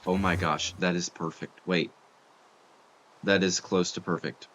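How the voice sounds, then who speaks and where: A man's voice: low voice, fairly even intonation, fairly bright tone. A man streaming a building game, chatting casually with viewers and reacting as he plays. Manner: chatty, talks to chat while building, quick exclamations. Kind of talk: casual gaming chat with viewers.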